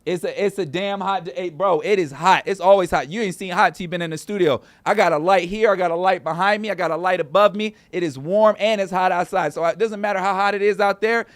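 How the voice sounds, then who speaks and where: A man's voice: high-pitched, fast, hardly any pauses, dry recording. A man hosting a casual livestream show from a small studio, rambling and talking straight to the viewers in the chat. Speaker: show host.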